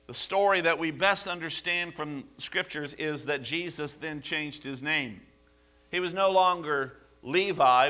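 A man preaching a sermon, animated, asking the congregation rhetorical questions. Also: sits high. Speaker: pastor.

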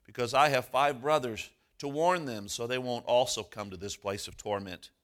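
A man's voice: mid-range voice, moderate pace, a bit bright, lightly acted. A man voicing a pleading rich man from a scripture story, read plainly.

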